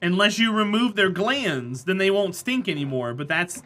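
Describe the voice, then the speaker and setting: Woman streamer, bright mid-pitched voice, casual and blunt, argues with chat. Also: expressive, normal speed. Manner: blunt, opinionated, answering chat by name. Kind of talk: casual live-stream chat while gaming.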